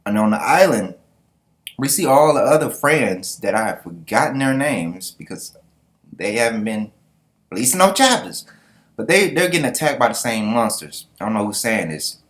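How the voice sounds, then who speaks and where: A man's voice: on the low side, expressive, normal speed. A man giving a casual, slangy, profane comic-book reaction, laughing often. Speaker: manga reviewer.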